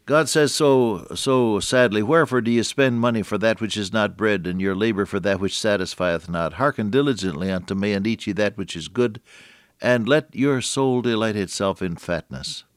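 An older man giving a folksy, earnest radio sermon, reading scripture slowly and solemnly. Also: lowish voice, no room sound, studio quality. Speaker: radio preacher.

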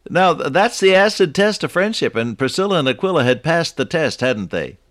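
A man's voice: fairly high pitch, big pitch swings, fairly quick, a bit bright, no room sound. Guy preaching a bible sermon, chatty, keeps asking the folks questions, chuckles at his own stories, dry close mic. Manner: conversational, asks listeners rhetorical questions.

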